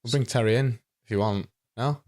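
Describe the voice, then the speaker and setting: A young man co-hosting a podcast in casual banter, grumpy and deadpan. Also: medium pitch, a little fast. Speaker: podcast co-host.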